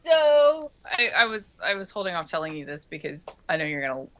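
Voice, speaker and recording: A woman co-hosting a show, telling a lively story in casual chat and laughing often. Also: on the low side, brisk. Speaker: podcast co-host.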